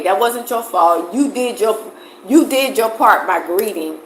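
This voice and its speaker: A woman's voice: mid-range voice, a little slow, echoey room, a little hiss or hum, low-quality recording. A woman from the United States chatting casually on a livestream, emphatic and repeating phrases for stress, answering viewers. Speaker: vlogger answering live chat.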